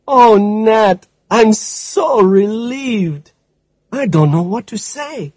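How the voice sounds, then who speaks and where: A male reader voicing a relieved, emotional young woman in an audiobook, in a much higher voice. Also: lively intonation, drawn-out words, darkish tone, no echo, studio quality, exaggerated voice.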